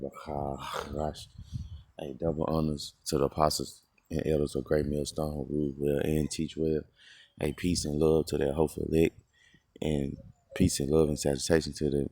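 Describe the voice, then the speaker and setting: A man giving an informal scripture lesson in a loose, conversational way, full of fillers and slowing down to read verses aloud. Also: extremely low pitch, warm tone. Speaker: religious teacher.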